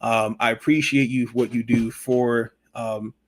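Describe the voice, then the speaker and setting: A man hosting a sports talk podcast, chatting over a video call. He talks hesitantly, repeating words and filling pauses with fillers. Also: mid-range voice, fairly even intonation. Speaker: podcast host. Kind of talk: casual interview chat.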